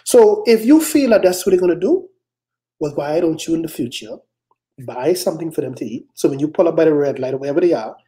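A male pastor preaching a sermon, emphatic, swinging into quick acted-out prayers and sharp rising challenges. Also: a little high, sing-song.

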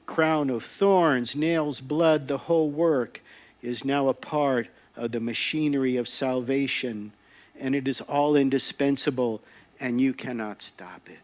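A man voicing the apostle Paul as a stubborn, zealous preacher, declaiming forcefully. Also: mid-range voice, voice pushed up, natural voice.

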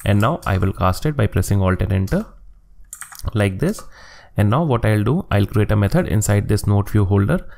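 A man's voice: lowish voice, expressive, normal speed, creaky, darkish tone, slight background noise. A man narrating a screen-recorded coding tutorial, walking step by step through each click and line of code at his desk.

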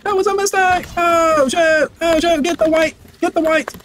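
A man giving loud, excitable gameplay commentary, full of brash trash talk, swearing and repeated barked commands. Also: very high-pitched, moderate pace, noisy background. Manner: barks repeated commands and chants. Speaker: gaming video creator.

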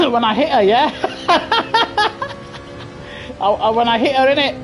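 A man with a very high-pitched voice streams a sim racing game live from his home rig, talking fairly quickly into a gaming headset. His gameplay commentary is jokey, cheeky and full of laughter, with faint music behind him.

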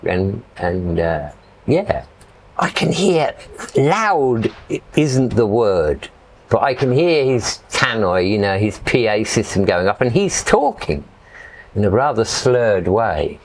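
Middle-aged english guy rambling thru a story, lowish voice, lots of you knows. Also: sing-song, slow pace. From England. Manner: chatty, rambling, full of "you know". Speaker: guest. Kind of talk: casual storytelling.

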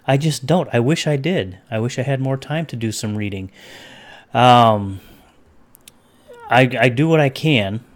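Rambling man hosting a webcam livestream. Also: mid-range voice. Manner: rambling, greets chat viewers by name. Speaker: livestream host. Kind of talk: casual livestream chat.

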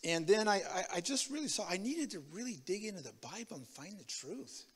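A man in his seventies giving a testimony sermon as a preacher, an animated storyteller who acts out the dialogue. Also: sits high, a little fast, in a large hall. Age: 70s.

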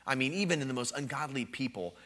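A man in his thirties preaching at a revival, telling a personal story with animated, emphatic delivery. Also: mid-range voice, quick pace. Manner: animated storytelling, rising to loud emphatic peaks. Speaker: guest preacher. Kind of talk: revival sermon.

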